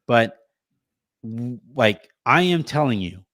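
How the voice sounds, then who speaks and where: Male podcast host, 30s, mid-pitched, choked up and rambling, dry close mic at home. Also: lively intonation, fairly bright tone, dry recording. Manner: rambling, halting, many restarts and fillers. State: holding back tears. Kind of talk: emotional thank-you on a sports podcast.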